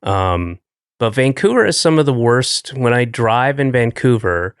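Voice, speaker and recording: Dry deadpan male podcast host. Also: medium pitch, measured pace, clear, resonant tone, no room sound. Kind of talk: casual interview chat.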